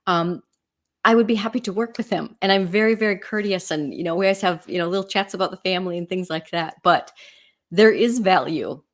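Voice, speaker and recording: A woman's voice: on the low side, brisk. A middle-aged woman from the Midwest US, a real estate agent, teaching in a casual, chatty way and telling stories with frequent "right?" and "you know" asides.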